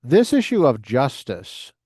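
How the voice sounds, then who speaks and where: A man's voice: mid-range voice, wildly swooping pitch, measured pace, a little mellow, breathy edge, no room sound, clean studio sound. Man reading aloud with wry asides. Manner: reads passages with joking asides. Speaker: lecturer reading from a history book.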